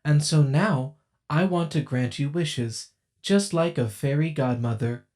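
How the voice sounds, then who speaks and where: A man voicing a female doll robot in an audiobook, speaking slowly in a tinny, kind-sounding way that hides something sinister. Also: a little high, darkish tone, natural voice. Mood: sweetly coaxing. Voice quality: metallic, kind-sounding, slow and deliberate.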